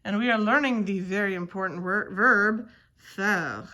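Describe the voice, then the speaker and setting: A woman teaching a French grammar lesson from a textbook. She explains things casually, with ums and quick self-corrections. Her voice sits at a middle pitch. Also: pushed and bright.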